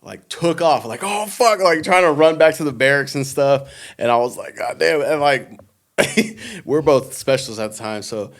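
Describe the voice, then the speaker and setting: A man's voice: medium pitch, moderate pace. A young man and army veteran, a podcast guest, telling stories casually and laughing often. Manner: laid-back, laughs often, swears freely. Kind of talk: casual storytelling.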